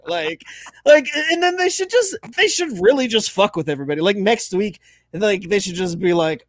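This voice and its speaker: A man's voice: sits high, very animated, normal speed, dry recording. A man co-hosting a casual sports talk show, rambling with lots of fillers and swearing.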